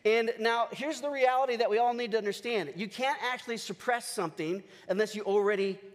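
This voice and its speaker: High-voiced pastor preaching in a reverberant hall. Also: male voice, fairly quick. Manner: energetic, leads the congregation in call-and-response cheers. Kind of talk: sermon. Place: large church hall. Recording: long church hall reverb.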